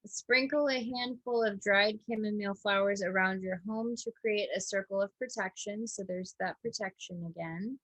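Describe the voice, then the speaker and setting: A woman co-hosting a casual chat, chatty and quick to laugh along. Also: mid-range voice, fairly bright tone, no room sound, rough recording. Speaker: co-host.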